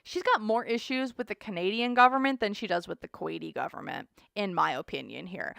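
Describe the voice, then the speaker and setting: A woman's voice: mid-range voice, animated, a little fast, gravelly, hardly any pauses, fairly bright tone, dry recording, clean studio sound. A woman hosting a casual tarot reading, chatty and dramatic, thinking aloud as she goes. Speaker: tarot reader host.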